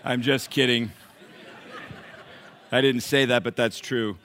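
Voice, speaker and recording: A man's voice: mid-range voice, steady tone, slow, fairly bright tone, a faint crowd, slight background noise. A male pastor preaching a sermon to his congregation, mixing rhetorical questions with humorous personal stories. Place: church before a congregation.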